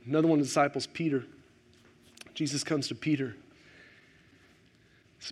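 Pastor guy preaching, kinda high voice, gets real quiet and slow for the big points. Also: husky. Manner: swings from animated rises to hushed, slow emphasis. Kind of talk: sermon.

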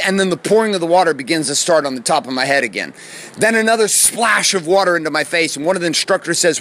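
Intense storytelling man, slightly high voice. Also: a bit bright. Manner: intense, builds tension with pauses and slow emphasis. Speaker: podcast host. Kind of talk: dramatic personal storytelling.

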